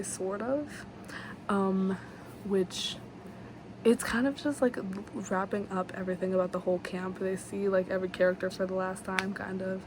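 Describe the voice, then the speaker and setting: A woman's voice: mid-range voice, background noise. A young woman giving a rambling, casual book recap to camera, full of fillers and gushing asides. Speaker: book vlogger.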